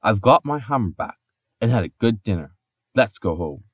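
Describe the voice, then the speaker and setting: A man's voice: lowish voice, big pitch swings, normal speed, no echo, studio quality. Cheerful, bluff male thunder god for a story podcast, man doing the voice. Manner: cheerful, loud.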